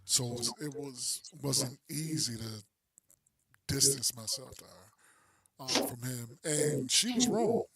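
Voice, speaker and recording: A man's voice: medium pitch, expressive, slow, vocal fry, a crowd in the background. A man co-hosting a podcast, telling a story in loose, slangy casual chat and acting out the people in it. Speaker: podcast co-host.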